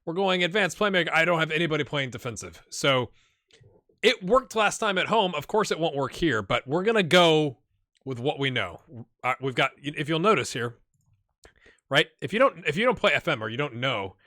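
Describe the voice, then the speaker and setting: A man hosting a game channel, giving chatty, excitable live commentary while he plays and talking straight to his viewers. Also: a little high, normal speed, no room sound, studio quality. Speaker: gaming channel host.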